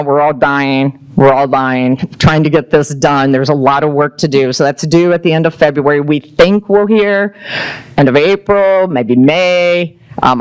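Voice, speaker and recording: A woman giving a presentation talk to a club audience, energetic and excitable when she tells a story. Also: sits low, clear, resonant tone. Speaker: speaker at a club luncheon.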